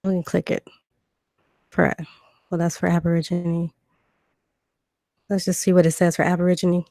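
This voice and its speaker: A woman's voice: lowish voice, little pitch movement, moderate pace, gravelly, mellow, no room sound, clean studio sound. A woman with a Southern US accent from Virginia with a Georgia twang hosts a casual live stream, chatty and loose with many fillers and restarts, while reading out dictionary definitions at home. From Virginia and Georgia, USA. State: recovering from illness. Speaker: livestream host.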